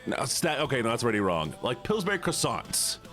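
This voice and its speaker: Animated young man streamer chatting. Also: medium pitch, quick pace, faint music behind. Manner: animated, laughs often, reacts to chat. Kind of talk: casual livestream chat reading.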